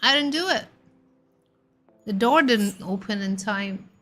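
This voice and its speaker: A woman's voice: mid-range voice, lively intonation, measured pace, fairly bright tone. A young woman streaming, chatting casually and playfully with her chat and stumbling over tongue-twisters.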